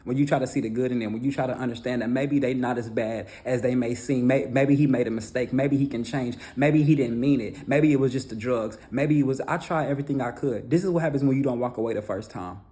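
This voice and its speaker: A young man with a mellow, relaxed tone tells his own story in emotional testimony. He stumbles and repeats himself, circling back to the same phrases with pleading insistence. His voice sits at a middle pitch. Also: quick pace, few pauses. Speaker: documentary narrator telling his own story.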